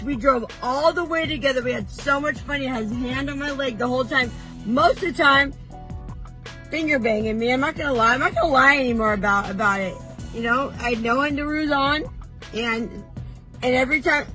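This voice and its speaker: A woman delivering a comedic confessional rant, brash, defiant and oversharing, with breathy laughs breaking in between lines. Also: high voice, pushed and bright, low-quality recording. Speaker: vlogger.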